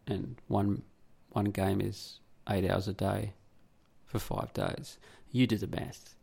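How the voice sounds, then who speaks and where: A man's voice: fairly low pitch, steady tone, takes it slowly, gravelly, mellow, slightly rough. An Australian man hosting a podcast in a rambling, blunt monologue, swearing freely. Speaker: podcast host. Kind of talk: casual opinionated monologue.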